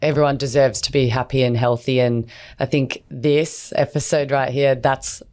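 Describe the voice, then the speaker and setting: A woman co-hosting a podcast, speaking warmly and encouragingly as she wraps up the episode. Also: extremely low pitch, fairly even intonation, normal speed. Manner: warm, encouraging, wraps up the show. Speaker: podcast co-host. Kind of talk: casual podcast chat.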